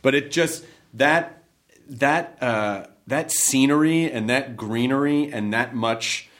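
A man's voice: mid-range voice, slow. A man hosting a podcast interview, chatting casually and joking. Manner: animated, jokey, acts out voices. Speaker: podcast host.

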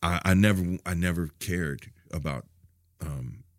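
A middle-aged man with a low, deep voice tells stories from his past in a loose, profane way. He restarts his phrases often and slips into other people's voices to act out the lines they said. The sound is dry and close, with no room around it. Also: measured pace, no room sound. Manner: acts out quoted voices in stories. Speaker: interview guest, musician. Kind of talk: candid storytelling interview.

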